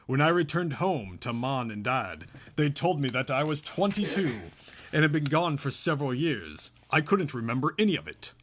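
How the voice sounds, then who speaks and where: A man reading the part of a young Amish man who has lost his memory, speaking hesitantly and low. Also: big pitch swings, moderate pace, noisy background, close to an everyday voice. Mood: earnest.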